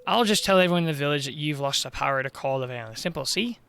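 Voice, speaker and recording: A man's voice: fairly high pitch, animated, quick pace, gravelly, a bit bright, clean tone, voice pushed down. A man putting on a sly, wheedling village mayor. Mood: coaxing, sly. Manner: wheedling, coaxing. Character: scheming sly middle-aged male village mayor.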